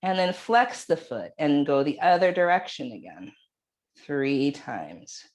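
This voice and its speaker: A woman leading a yoga class, giving calm, unhurried cues for each movement. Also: low-pitched. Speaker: yoga instructor. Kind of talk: guided exercise instruction.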